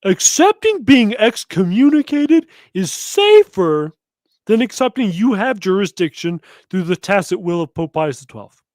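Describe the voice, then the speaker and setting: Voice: mid-range voice, big pitch swings, unhurried, a little mellow, no echo, clean studio sound. A commentary host reacting to a clip with mocking, laughing sarcasm.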